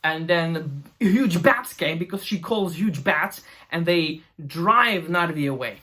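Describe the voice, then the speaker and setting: A man's voice: a little high, animated, takes it slowly, bright, forceful tone. A man reviewing a fantasy show in an exasperated, sarcastic rant, swearing now and then. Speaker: YouTube reviewer.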